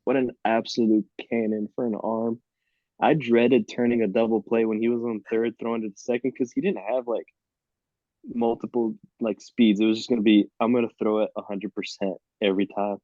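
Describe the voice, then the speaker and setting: A man in his thirties from Miami, a podcast guest telling lively, laughing stories about his college baseball days. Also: mid-range voice, normal speed, dry recording, dull audio. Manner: lively, laughing anecdotes with quoted voices. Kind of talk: casual storytelling on a podcast.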